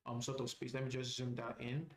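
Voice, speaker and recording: A man's voice: medium pitch, monotone, fairly quick. Echoey man walking through trading charts. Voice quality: frequent "all right" fillers, repeats phrases. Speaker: trading instructor. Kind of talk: live trading walkthrough.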